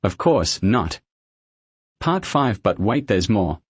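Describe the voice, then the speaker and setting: A man's voice: on the low side, big pitch swings, slow, slightly rough, dry recording. A man reading a revenge story aloud in a dry, matter-of-fact way. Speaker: story narrator.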